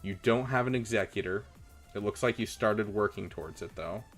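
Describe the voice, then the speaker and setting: A young man casually chatting on a live stream, giving relaxed advice with lots of ums and uhs. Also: on the low side, a little fast, faint music behind. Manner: relaxed, chatty, many fillers, gives advice. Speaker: streamer reviewing viewers' game rosters.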